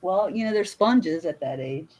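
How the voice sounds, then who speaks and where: A woman's voice: lowish voice, lively intonation, normal speed, darkish tone. A woman from Maryland chatting casually as co-host, playful and teasing, laughing often. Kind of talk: casual chat.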